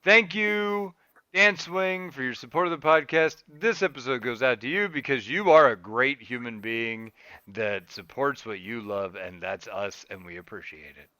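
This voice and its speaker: A man's voice: mid-range voice, normal speed, bright, forceful tone, no room sound. A man hosting a podcast in casual chat, making laid-back, rambling announcements. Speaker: podcast host. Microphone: podcast mic.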